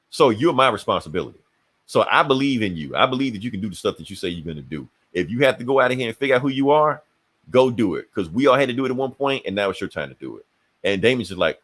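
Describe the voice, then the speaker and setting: Animated man retelling a comic. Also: fairly low pitch. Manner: animated retelling, acting out characters' lines. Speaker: podcast host. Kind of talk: casual comic book podcast chat.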